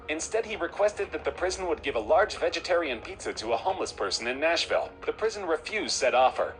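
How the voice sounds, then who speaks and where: A man narrating a scripted countdown video in an even, informative read with light dry quips. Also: on the high side, rough recording.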